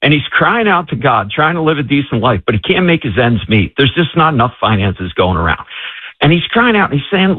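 A man, an author and guest, telling stories in an animated way and acting out the voices of people he quotes. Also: on the high side, fairly quick, slightly rough, no room sound. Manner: excitable, acts out quoted voices. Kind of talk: animated storytelling. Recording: tinny phone-like line, dry.

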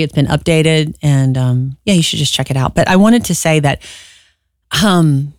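A woman's voice: low voice, moderate pace, a little mellow, no echo. A woman co-hosting a Christian radio fundraiser, talking in an earnest, encouraging way and laughing easily. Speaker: radio co-host. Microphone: studio microphone. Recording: dry studio sound.

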